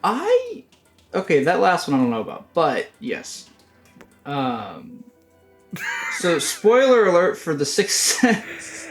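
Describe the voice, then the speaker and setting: A young man trading banter on a writing podcast, relaxed and teasing, with a casual swear thrown in now and then. His voice is on the higher side and moves around a lot, with soft music faintly in the background. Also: slow, pauses often. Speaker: podcast co-host and screenwriter. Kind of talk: casual chat.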